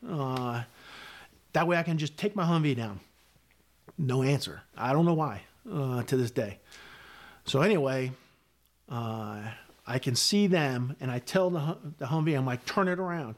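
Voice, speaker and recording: A man's voice: medium pitch, lively intonation, normal speed. A middle-aged man, a retired Army sergeant major, recounting a combat story as a podcast guest in blunt, vivid words with frequent fillers and swearing.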